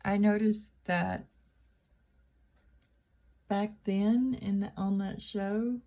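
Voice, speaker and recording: A woman's voice: mid-range voice, steady tone, drawn-out words, dark tone. A middle-aged woman, hosting her channel with a wry, chatty comedic monologue and laughing at her own jokes. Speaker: channel host.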